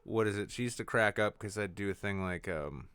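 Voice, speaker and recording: A man's voice: on the low side, brisk, fairly bright tone, clear, resonant tone, no room sound. A man hosting a podcast, telling rambling stories in casual chat. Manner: rambling storyteller who acts out voices. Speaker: podcast host.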